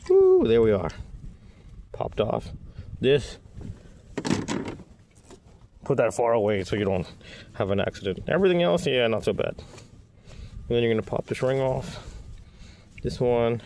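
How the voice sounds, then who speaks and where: A man, a locksmith, talking casually through a repair step by step in a relaxed, folksy way. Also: mid-range voice, measured pace, vocal fry, pauses often, a little hiss or hum.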